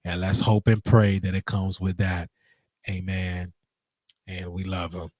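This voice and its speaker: A man's voice: sits low, flat delivery, measured pace, darkish tone, dry recording, studio quality. A man hosting a casual livestream, talking to his chat in a rambling, repetitive way with preacher-like call-outs. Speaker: livestream host.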